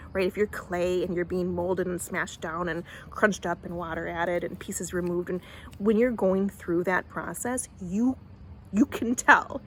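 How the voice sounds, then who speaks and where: A woman's voice: on the low side, slight background noise. Chatty woman vlogging outdoors. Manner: chatty, animated, lots of fillers and restarts. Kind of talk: casual faith vlog storytelling. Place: outdoors in bright sun.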